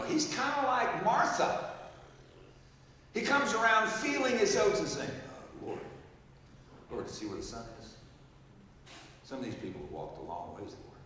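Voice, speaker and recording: A man in his seventies preaching a storytelling sermon, swinging from loud exclaiming to hushed quoted words. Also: high voice, a little hiss or hum. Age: 70s. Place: large church hall. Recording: echoey hall, mic from far off.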